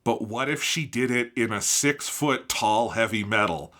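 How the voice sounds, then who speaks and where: A man co-hosting an anime review podcast in casual chat, excitable and given to swearing and mock outrage. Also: medium pitch, unhurried. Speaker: podcast co-host.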